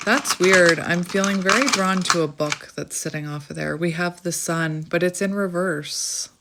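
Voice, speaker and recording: A woman's voice: fairly low pitch, normal speed, heavy background noise. A woman chatting casually as she gives a tarot reading, laughing often and thinking aloud. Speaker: tarot reader.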